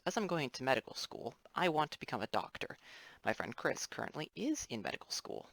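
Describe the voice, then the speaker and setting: A man's voice: mid-range voice, a bit bright, no room sound. A young man, a student, giving a casual explainer lesson over his drawings, rambling with offhand apologetic asides. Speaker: student presenter.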